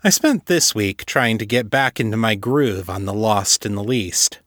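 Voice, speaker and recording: A man narrating his own story as author and podcast host, with steady, plain storytelling. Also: lowish voice, unhurried, no room sound. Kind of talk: audiobook narration.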